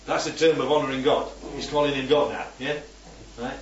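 A man's voice: medium pitch, steady tone, brisk, slight background noise. Man leading a Bible study, keeps asking the group questions, dull distant recording, roomy sound. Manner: keeps checking in with "right?" and "yeah?". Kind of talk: teaching a group discussion. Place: room with a small group.

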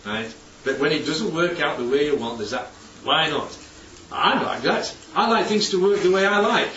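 A man's voice: on the high side, animated, normal speed, a bit bright, slight background noise. A man preaching a conversational sermon, often throwing rhetorical questions at his listeners. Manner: chatty, asks the congregation rhetorical questions. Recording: echoey hall, distant, dull mic.

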